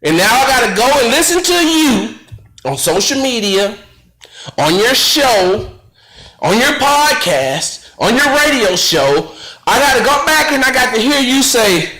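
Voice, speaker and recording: A man's voice: extremely high pitch, sing-song, unhurried, bright, forceful tone, reverberant, low-quality recording. A male radio host giving an impassioned commentary, fiery and rhetorical, repeating phrases for emphasis. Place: radio studio.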